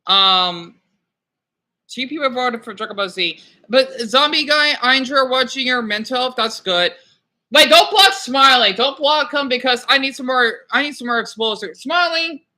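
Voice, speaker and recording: A young man talks loosely to his livestream chat in a very bright, sharp-edged voice. He rambles from one thought to the next, scolds commenters and hushes his dogs. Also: very high-pitched. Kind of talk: casual livestream chat with viewers.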